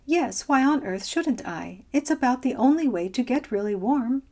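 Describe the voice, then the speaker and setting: A woman voicing a breezy, slangy modern young woman who talks in a quick, offhand way. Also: high voice, lively intonation, a little mellow.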